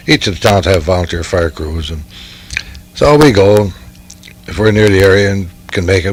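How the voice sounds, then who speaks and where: A man's voice: low-pitched, a little hiss or hum, rough recording. An older man, dictating rambling folksy stories about his years as a game warden and stringing them along with "anyway". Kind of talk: dictated storytelling.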